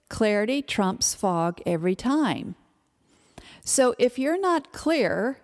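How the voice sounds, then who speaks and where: A woman's voice: medium pitch, in a large hall. A woman giving an instructional talk to parents in a conversational, emphatic way, with asides. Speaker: parenting speaker.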